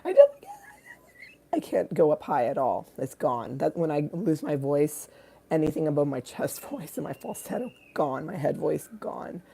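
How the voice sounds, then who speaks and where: Hoarse, raspy woman, low and gravelly, dark tone; rambling casual livestream host. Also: sing-song, normal speed, slight background noise. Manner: rambling, many fillers and restarts. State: hoarse from screaming. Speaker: artist hosting a livestream.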